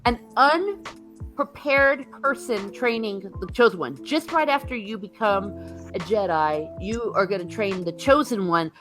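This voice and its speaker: A woman as an interview guest, sharing opinions in animated, casual chat and acting out quotes as she goes. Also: fairly high pitch.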